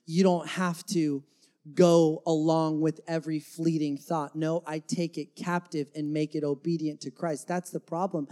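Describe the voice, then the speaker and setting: Slow, emphatic male pastor preaching. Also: a little high, dark tone. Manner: dynamic, emphatic preaching with acted-out quotes. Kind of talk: sermon. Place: church before a congregation.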